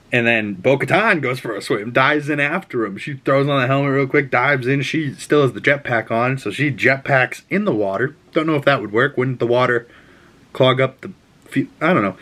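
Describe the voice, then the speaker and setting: A young man talks through an episode recap in a loose, unscripted way, full of fillers and restarts. His voice sits at an ordinary middle pitch, and he swears freely and lets his excitement show. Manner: rambling, swears freely, gets openly excited.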